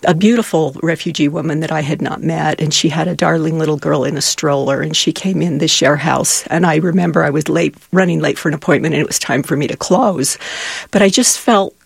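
Woman, middle-aged, husky, earnest, emotional storyteller, dry sound. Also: low-pitched, a little fast, dry recording. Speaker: charity volunteer. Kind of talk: interview answers.

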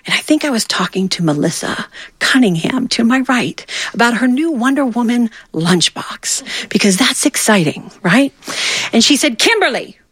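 A woman telling a personal story in an animated way, acting out the voices of the people in it. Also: mid-range voice, slightly rough, no room sound.

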